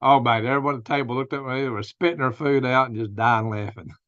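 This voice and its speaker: A man's voice: medium pitch, quick pace, fairly bright tone, no room sound, dull audio. An older man hosting a casual live-stream, telling rambling stories and laughing at his own jokes. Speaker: host of a news and commentary stream.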